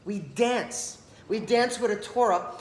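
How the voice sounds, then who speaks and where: A man's voice: sits high, slow. A man giving a storytelling Torah talk, acting out the dialogue as he goes. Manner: animated storyteller, acts out dialogue. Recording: echoey room, some background noise.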